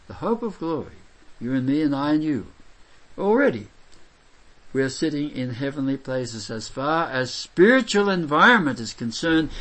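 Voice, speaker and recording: A man preaching a sermon, reading scripture aloud and expounding it, swinging between loud exclamations and quiet asides. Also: medium pitch.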